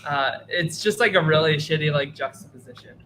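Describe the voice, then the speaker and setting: A man's voice: fairly high pitch, bright, forceful tone, a little hiss or hum, poor audio. A man hosting a casual reality TV podcast, rambling with lots of fillers. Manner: rambling, filler-heavy, quick to laugh. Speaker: podcast host. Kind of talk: casual chat.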